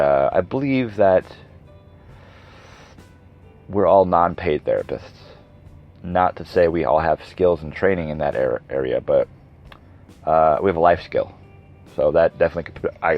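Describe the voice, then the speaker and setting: A man's voice: very deep voice, moderate pace, long pauses. A man in his thirties hosting a solo podcast, rambling casually, going off on tangents and correcting himself as he goes. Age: 30s. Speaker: podcast host. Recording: dull lo-fi recording with music behind. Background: background music.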